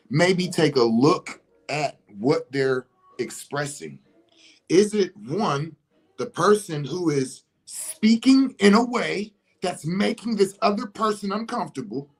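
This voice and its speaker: A man's voice: a little high, husky, low-quality recording. A man, talking in a casual monologue and acting out scenarios with rhetorical questions. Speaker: commentator.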